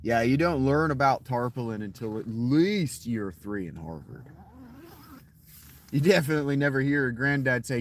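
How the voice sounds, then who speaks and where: A man's voice: medium pitch, animated, normal speed, dry recording. A man chatting casually with his viewers in a boastful, crude, rambling way. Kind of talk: casual live chat with viewers.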